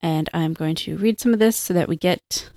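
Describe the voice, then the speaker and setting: A woman's voice: lowish voice, moderate pace, dark tone, no room sound. Woman host, casual chat, dry close mic. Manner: chatty, summarizing, swearing casually. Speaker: podcast host. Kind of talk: casual book discussion.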